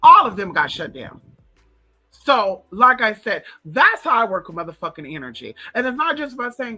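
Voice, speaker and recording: A man's voice: high-pitched, very animated, normal speed, pushed and bright. A man telling stories in a casual, profane, sassy monologue, talking straight to his viewers, his voice a little strained. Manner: profane, sassy, addresses listeners as girl. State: voice strained, coming back. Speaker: spiritual vlogger.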